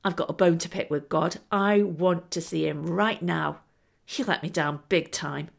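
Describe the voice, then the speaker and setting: A woman's voice: lowish voice, unhurried, gravelly, full character voice. A woman voicing a stubborn old man who grows furious and demands answers. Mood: demanding. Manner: defiant, shouting with anger.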